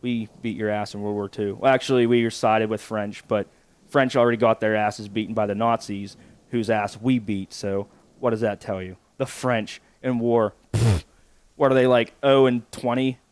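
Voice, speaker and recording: A man's voice: lowish voice, steady tone, moderate pace, clean tone. A man hosting a podcast alone, talking in a crude, sarcastic, rambling way. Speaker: podcast host. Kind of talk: casual solo podcast talk.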